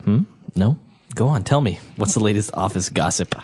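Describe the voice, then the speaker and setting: A low husky voice playing an office gossip guy. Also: animated, moderate pace, warm tone, no echo. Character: male office worker eager for gossip. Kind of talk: scripted dialogue for a lesson.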